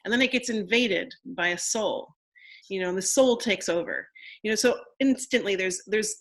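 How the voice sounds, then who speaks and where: A woman's voice: mid-range voice, normal speed, fairly bright tone. A woman co-host reflecting aloud in casual conversation, filling her thoughts with "like" and "you know". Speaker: co-host, storytelling teacher.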